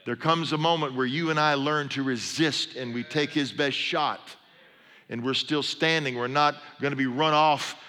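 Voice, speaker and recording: With a steady, bright, forceful mid-range voice at a moderate pace, a middle-aged pastor and sports chaplain delivers a sermon. His storytelling is conversational and sprinkled with humor, captured with long hall reverb.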